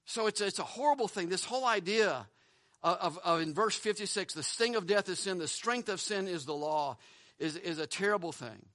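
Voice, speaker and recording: Bright-voiced man preaching a sermon. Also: sits high, animated, normal speed, no echo. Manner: earnest preaching with repeated words and restarts. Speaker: pastor. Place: church building.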